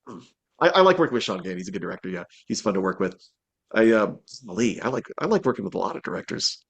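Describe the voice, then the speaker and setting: A man's voice: lowish voice, fast, creaky, slightly rough. A man, a voice actor, chatting casually in an interview, rambling with restarts and acting out quotes. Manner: rambling, many restarts and fillers, animated quotes. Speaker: voice actor guest.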